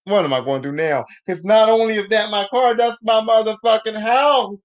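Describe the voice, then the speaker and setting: A man voicing a frightened, lovesick teenage boy who talks slowly and stammers. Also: high-pitched, muffled recording, natural voice. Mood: upset. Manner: anxious, slow and stammering.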